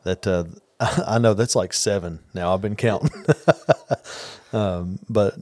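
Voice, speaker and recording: A man on a church podcast talks sincerely, sometimes losing his train of thought. His voice is fairly low and the sound is dry and close. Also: slow, darkish tone, no room sound. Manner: sincere, loses his thread. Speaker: church staff member. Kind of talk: casual church podcast chat. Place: church office studio.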